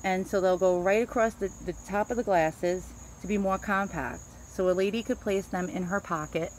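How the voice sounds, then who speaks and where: A middle-aged antique dealer with a Queens, New York accent chats casually as she shows off her pieces, tripping over names now and then. Her voice is mid-range with fairly even intonation at a moderate pace, with slight background noise.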